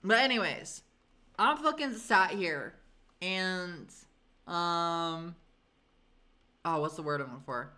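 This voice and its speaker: A woman's voice: fairly low pitch, expressive, slow, long pauses, bright, forceful tone. A woman streamer telling a story in a casual, chatty way, swearing often and filling with "like" and "um".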